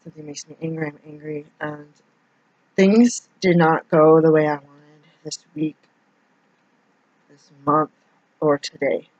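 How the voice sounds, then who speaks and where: Halting, rambling woman on a dull recording. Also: sits low, fairly even intonation, a little mellow, no room sound. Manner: rambling and hesitant, with many restarts. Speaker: vlogger. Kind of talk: personal confessional monologue.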